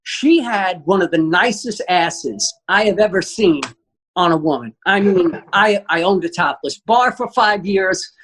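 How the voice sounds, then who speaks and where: A man, a guest comedian telling an animated, profane story and acting out the quotes. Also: high-pitched, unhurried, low-quality recording.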